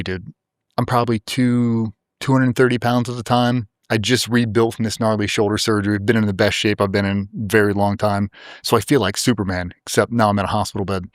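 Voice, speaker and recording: A man's voice: fairly low pitch, no room sound, studio quality. A middle-aged man, a former special operator, telling a vivid, blunt, profane story as a guest in an interview.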